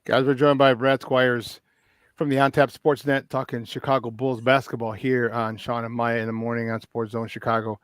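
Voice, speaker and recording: A man hosting a morning sports talk show, telling stories in an animated, excitable way. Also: medium pitch, normal speed, smooth, no echo. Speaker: host. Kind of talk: casual sports radio talk.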